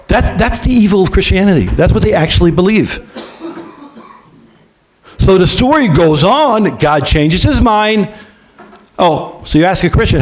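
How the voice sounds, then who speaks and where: A man, a rabbi, talking to yeshiva students in a lively, conversational way, acting out bits of dialogue and checking in with his listeners. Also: high-pitched, normal speed. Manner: lively, acts out dialogue in different voices. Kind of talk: animated talk to a student audience.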